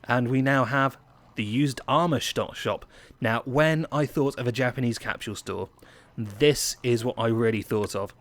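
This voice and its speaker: A man's voice: mid-range voice, normal speed. Playful English man narrating gameplay. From England. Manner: chatty, playful, self-mocking. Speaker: gaming channel host. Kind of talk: gameplay commentary.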